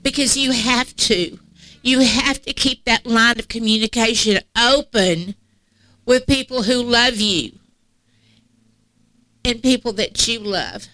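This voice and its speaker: A woman's voice: a little high, slow, pauses often, sharp tone, no echo. A middle-aged woman preaching a sermon in a church, emphatic and repetitive in cadence, tearful at times. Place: church sanctuary.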